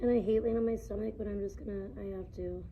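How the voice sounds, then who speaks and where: A woman's voice: mid-range voice, steady tone, quick pace, lo-fi sound, a little hiss or hum. A woman livestreaming outdoors in the sun, rambling and gossiping in a casual, filler-heavy way.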